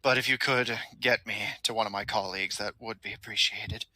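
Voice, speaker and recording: A man doing a calm, formal masked henchman. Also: on the low side, a little fast, no echo. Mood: courteous.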